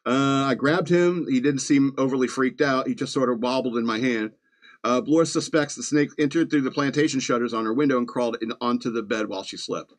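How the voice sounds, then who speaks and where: A man's voice: mid-range voice, fairly quick. A man hosting a podcast from Virginia, reading news stories with sarcastic, chuckling asides in a casual comedic style. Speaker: podcast host.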